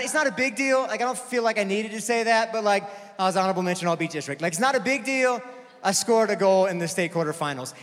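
A man in his thirties preaching with comic stories, self-mocking, moving between quiet asides and loud shouts. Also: high voice. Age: 30s. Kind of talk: sermon with comic storytelling. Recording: long reverb of a large hall.

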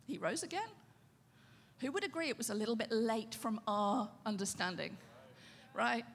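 A woman pastor preaching a sermon in a conversational, animated way, often asking the audience questions. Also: a little high, normal speed, husky, in a large hall.

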